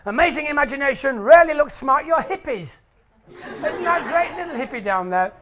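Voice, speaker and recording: An English man with an extremely high-pitched voice and lively intonation speaks at a moderate pace over a noisy background. He's presenting a jokey maths show to a family audience in a lecture hall, giving a lively, playful talk and teasing the crowd.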